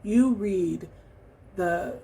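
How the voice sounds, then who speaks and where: A woman talking through her recent reading in a casual vlog, reflective and halting, with many fillers and restarts. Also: mid-range voice, creaky, mellow, husky. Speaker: book vlogger. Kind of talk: casual book review vlog.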